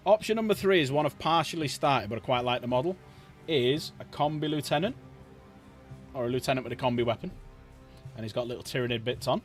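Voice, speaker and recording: This livestream host has a medium-pitched voice and a brisk pace with long pauses, and faint music plays behind him. He paints miniatures while chatting casually and jokily with his viewers, talking directly to chat.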